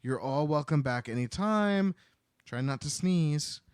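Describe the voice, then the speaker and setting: A gracious paper-doll lady gushes a friendly farewell, as a man voices her, pitched well above his natural register. Her manner is breezy and sugary. The recording is close and dry. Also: lively intonation, a little slow, smooth, no room sound.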